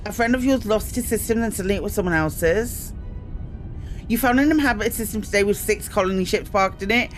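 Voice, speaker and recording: Faint music sits behind a brisk, mid-range voice as a British woman streams a space game. She chats casually with viewers, bursting into greetings and frequently saying um while mocking herself.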